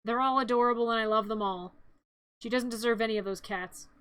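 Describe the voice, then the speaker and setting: A woman streamer giving a comedic movie recap, playful, jumping into loud excited outbursts. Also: on the high side, a little fast, clear, resonant tone, dry recording.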